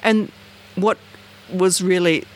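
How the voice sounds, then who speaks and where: A woman from Bathurst Island in northern Australia tells personal stories slowly in a casual interview. She rambles, with many fillers and restarts. She is animated, acting out the voices of people she quotes with big jumps in pitch.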